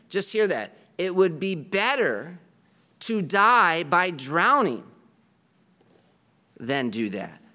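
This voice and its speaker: A man's voice: high voice, bright, forceful tone. A man preaching a sermon to his congregation in an earnest, conversational way. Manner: earnest, conversational preaching with a self-deprecating aside. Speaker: pastor.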